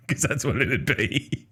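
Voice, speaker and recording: A man's voice: medium pitch, pushed and bright, breathy edge. A man with an Australian accent co-hosting a casual gaming podcast, swearing freely, laughing often and reading chat aloud. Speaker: podcast co-host.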